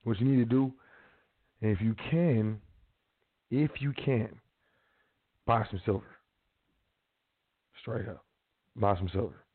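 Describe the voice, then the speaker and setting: A man's voice: lowish voice, slow, pauses often, slightly rough. A man hosting a show, talking in a rambling, slangy, casual advice monologue. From South Side of Chicago. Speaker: host. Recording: phone-like narrow sound.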